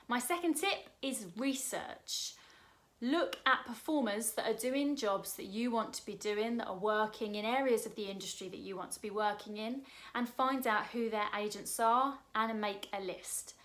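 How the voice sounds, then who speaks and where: A woman's voice: mid-range voice, fairly bright tone. A woman in her thirties with an Essex accent, giving casual career advice from her sofa in a direct, chatty way. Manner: chatty, direct, asks the viewer questions. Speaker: performer sharing career advice. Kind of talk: casual advice chat to camera. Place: home sofa.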